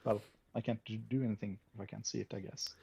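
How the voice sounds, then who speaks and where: Gravelly raspy male player. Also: fairly low pitch, flat delivery, fast talker, mellow. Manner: hesitant, thinking aloud. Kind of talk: tabletop game chat. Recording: dull lo-fi mic.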